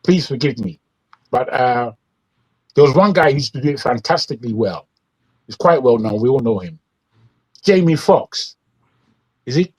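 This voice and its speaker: A man's voice: mid-range voice, expressive, normal speed, long pauses, darkish tone, husky, lo-fi sound. A man with a British accent hosting a news talk show, giving opinionated, rambling commentary and repeating words when he gets worked up. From Britain.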